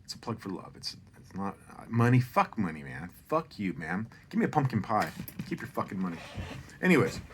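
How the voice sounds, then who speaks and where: A man's voice: on the low side, big pitch swings, fairly quick, slight background noise. A middle-aged man telling a holiday story in a rambling, profane, self-deprecating way, often drifting off on tangents.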